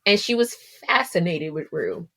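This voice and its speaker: A woman co-hosting a podcast in casual chat, animated and full of "like" fillers. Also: lowish voice, normal speed. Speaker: podcast co-host.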